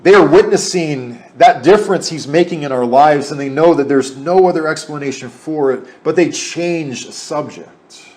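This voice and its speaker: A man's voice: a little high, normal speed, few pauses, darkish tone. A man preaching a sermon in an earnest way, repeating phrases for emphasis.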